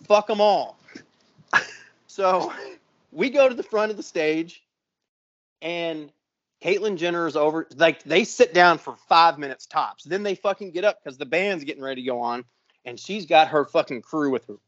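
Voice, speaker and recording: A man in his forties, a podcast co-host, telling a profane story with lots of swearing and loud sound effects. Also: on the high side, moderate pace, no room sound, lo-fi sound. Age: 40s.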